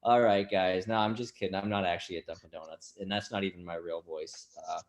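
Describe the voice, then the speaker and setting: A man's voice: sits low, steady tone, fast talker. A man from Boston doing crude, sarcastic casual stand-up as a guest comedian over a video call. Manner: crude, sarcastic, drifts into put-on voices.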